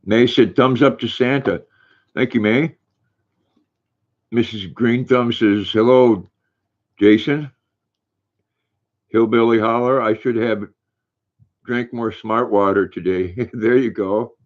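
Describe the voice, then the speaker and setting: An older man hosting a casual livestream, reading viewers' comments aloud in a relaxed, folksy way. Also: medium pitch, slow, long pauses. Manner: relaxed, folksy, reads viewer names and messages. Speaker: livestream host. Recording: dull lo-fi stream audio.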